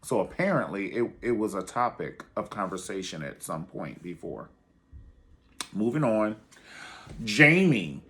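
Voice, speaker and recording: A man's voice: on the low side, big pitch swings, a little slow, a bit bright. A man reviewing a reality show in a sassy, theatrical way, calling everyone honey. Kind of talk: casual commentary video.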